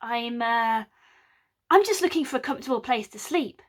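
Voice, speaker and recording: A woman's voice: fairly high pitch, animated, moderate pace. A woman voicing Mac, a cocky medieval thief faking a posh southern English accent, who blusters haughtily and then stammers out excuses. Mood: sheepish. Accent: overblown posh southern English, put on. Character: cocky thieving medieval man, posh and pompous.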